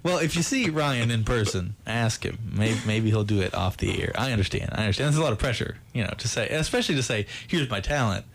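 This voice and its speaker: Podcast host guy, gravelly voice, upbeat, says stuff twice. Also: on the low side, lively intonation, fast, few pauses. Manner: upbeat, repeats words. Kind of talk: casual interview questions.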